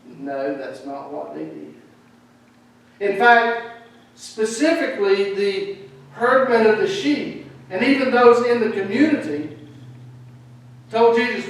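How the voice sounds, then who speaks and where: A man preaching a sermon in a church, animated and acting out the people he quotes. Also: high voice, slow pace, long pauses. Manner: animated, acts out quoted speech. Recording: echoey hall from far off.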